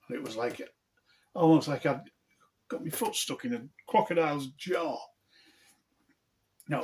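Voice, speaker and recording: A middle-aged man, telling a funny story from his own life in an animated, earthy, self-mocking way. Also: medium pitch, slight background noise. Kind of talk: humorous personal storytelling.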